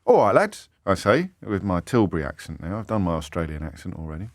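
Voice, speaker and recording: A man hosting a talk radio phone-in, speaking in an animated, indignant way and firing off rhetorical questions. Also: low voice, fast talker, dry recording, studio quality. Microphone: studio microphone.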